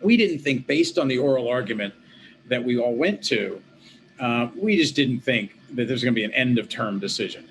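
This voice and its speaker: A man, a former politician and law professor, recounting events as an interview guest in a lively storytelling manner, acting out the dialogue he quotes. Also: mid-range voice, normal speed, slight background noise. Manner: animated, acts out quoted dialogue. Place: home office at a desk.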